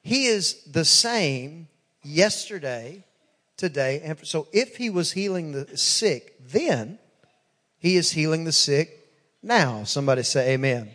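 A male pastor preaches with emphatic repetition, his voice sitting fairly high. He stacks phrase on phrase and retells conversations line by line. The sound carries a long reverb from the church hall. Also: animated, takes it slowly, fairly bright tone. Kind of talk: sermon.

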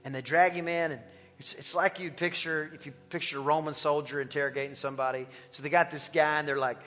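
A man preaching an animated, exclamatory sermon as pastor of a church. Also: on the high side, fast, in a large hall.

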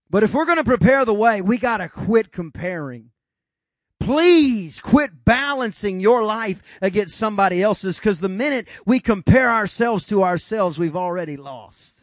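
A man's voice: high-pitched, a bit bright, no room sound. A man preaching a sermon as pastor, emphatic and building to dramatic retellings of scripture.

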